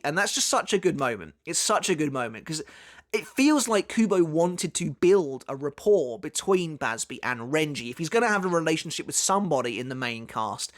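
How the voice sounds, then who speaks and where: A man's voice: on the high side, lively intonation, a little fast. Chatty man analyzing an anime. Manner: chatty, with frequent fillers and restarts. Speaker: anime commentary YouTuber. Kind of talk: casual video essay analysis.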